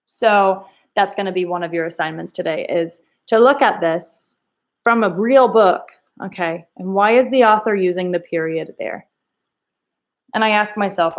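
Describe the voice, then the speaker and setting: A woman teacher with a mid-range voice at normal speed leads a reading lesson, thinking aloud and coaxing her students with questions. She rereads lines in different tones.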